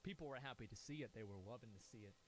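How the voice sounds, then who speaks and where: A man streaming, telling a profane, animated story and acting out the quoted dialogue. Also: mid-range voice, very fast, a little hiss or hum. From United States. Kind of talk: casual storytelling to stream chat.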